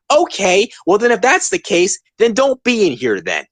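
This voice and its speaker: A man in his twenties hosts a casual podcast, ranting emphatically and hammering his points home. His pitch leaps and dips with real animation. The sound is dry, with no room around it. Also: wildly swooping pitch, moderate pace, hardly any pauses, dry recording. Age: 20s. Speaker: podcast host.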